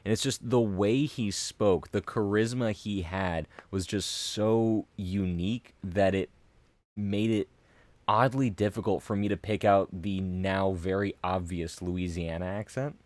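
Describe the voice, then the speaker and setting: A man's voice: sits low, steady tone, measured pace, dry recording. A man co-hosting a podcast, telling rambling stories in casual chat. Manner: rambling, storytelling. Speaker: podcast co-host.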